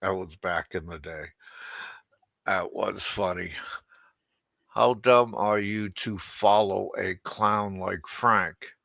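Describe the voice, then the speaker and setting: A man hosts a livestream in a slow, unhurried drawl, heaping crude mockery on his targets and chuckling at his own jabs. His voice is gravelly and edged with a sharp, tense brightness, recorded close and dry. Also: low-pitched, steady tone, no room sound. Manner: crude, mocking, laughs at his own jokes. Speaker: livestream host. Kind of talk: unscripted livestream rant.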